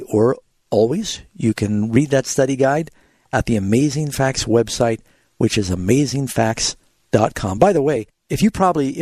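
Recorded dry, a man with a medium-pitched, darkish voice answers Bible questions on a radio call-in show he hosts as a pastor from a studio. He teaches scripture methodically, adding short stories as illustrations.

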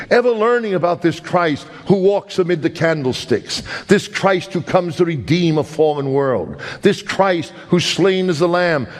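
An older man from New York preaching a sermon, emphatic and deliberate, slowing down on key phrases and then rushing through asides. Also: a little high. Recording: long reverb of a large hall.

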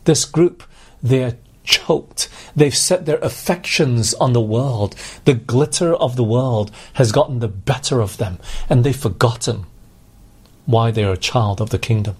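A man's voice: mid-range voice, unhurried, husky. A man preaching a sermon, earnestly putting questions to his congregation.

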